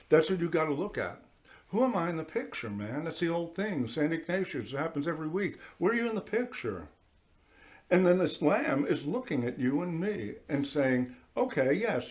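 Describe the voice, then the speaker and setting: A man, a priest giving a conversational sermon, talking straight to his listeners and acting out little voices as he goes. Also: on the high side. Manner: animated, talks straight to listeners, acts out voices. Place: church.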